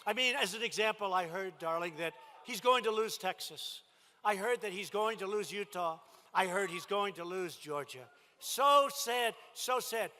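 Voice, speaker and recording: A man's voice: high voice, animated, moderate pace, pushed and bright. A man giving a campaign rally speech in a large indoor venue, talking emphatically and repeating his phrases for punch. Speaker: politician addressing a rally.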